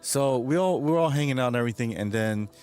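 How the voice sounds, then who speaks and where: A man's voice: medium pitch, fast talker, a little mellow, clear, resonant tone, faint music behind. A man streaming and chatting casually with his viewers, rambling, swearing, and laughing often. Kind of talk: casual livestream chat.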